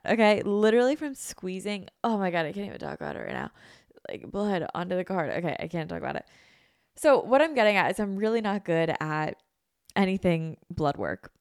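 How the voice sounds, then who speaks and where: Young woman host, casual chatty storyteller, low gravelly voice, dry close mic. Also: dry recording. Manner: chatty, self-dramatizing storytelling with many "like"s. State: recovering from illness. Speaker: podcast host. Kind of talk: casual chat.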